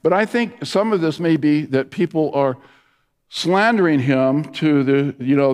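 A man's voice: fairly high pitch, a little slow, darkish tone. Preaching man in a reverberant hall. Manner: storytelling with many restarts and fillers. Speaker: pastor. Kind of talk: sermon. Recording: long reverb of a large hall.

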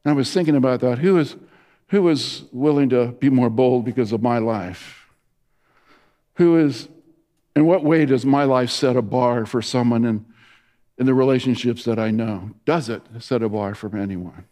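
A man's voice: mid-range voice, normal speed, warm tone. A middle-aged male pastor giving a sermon, telling stories with many restarts and fillers. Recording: long reverb of a large hall.

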